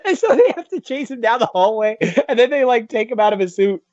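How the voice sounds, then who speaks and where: A young man co-hosting a casual podcast, excitable, laughing often and acting out characters as he retells scenes. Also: extremely high pitch, quick pace, dry recording, muffled recording. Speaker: podcast co-host.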